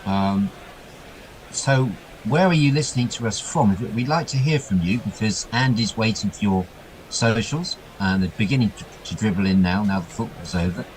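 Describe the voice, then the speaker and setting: A man with a fairly low voice calls a cricket match ball by ball in a chatty, easygoing way, and his voice jumps up whenever there's a boundary. A faint hum of noise sits under the recording. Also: normal speed, poor audio. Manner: chatty, excitable over boundaries. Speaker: cricket commentator. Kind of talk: ball-by-ball radio commentary.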